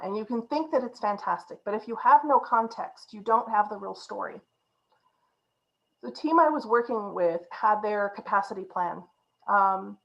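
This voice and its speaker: A woman's voice: mid-range voice, lo-fi sound. A woman coaching on agile practice, telling an anecdote in a talk and acting out the people she quotes. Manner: animated storyteller acting out quotes, frequent "right?" and "you know". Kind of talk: conference talk with storytelling.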